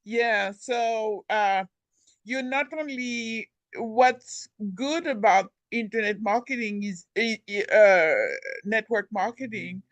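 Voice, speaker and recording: A woman's voice: a little high, slow, no room sound. A woman guest in a casual interview, explaining things earnestly in short, plain phrases.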